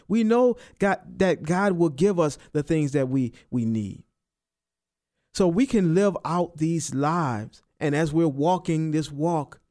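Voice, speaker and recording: A man preaching a sermon, repeating and stressing key phrases and rising in pitch on the emphatic ones. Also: warm tone. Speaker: pastor.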